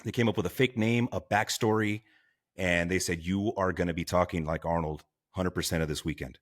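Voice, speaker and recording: Deep-voiced man telling a lively story. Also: brisk. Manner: animated, laughing, acts out quotes. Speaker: guest, firefighter. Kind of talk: casual storytelling in a podcast interview.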